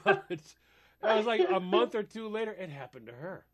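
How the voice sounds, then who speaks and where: A man's voice: sits high, normal speed. A man co-hosting a casual chat show, telling funny personal stories and laughing through them. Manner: laughs through his stories, animated delivery.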